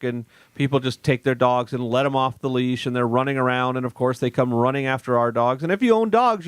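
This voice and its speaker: A man's voice: medium pitch, smooth, no echo. A man co-hosting a casual podcast chat, ranting and joking with emphatic bursts. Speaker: podcast co-host.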